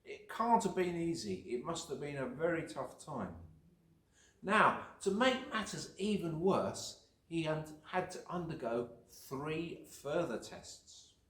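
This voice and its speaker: Man, mid voice, gentle kids' Bible storyteller, echoey room. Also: a little high, sing-song, measured pace. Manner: gentle, questioning, explaining. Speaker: church children's leader. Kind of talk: storytelling lesson for children.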